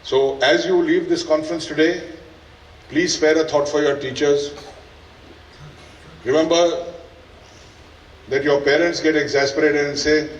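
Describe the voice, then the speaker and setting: A man's voice: a little high, fairly even intonation, normal speed, long pauses, highs cut off. A man with an Indian English accent, head of a school, giving an earnest valedictory speech to students with dry humour. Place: large school event hall. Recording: echoey hall, voice from a distance.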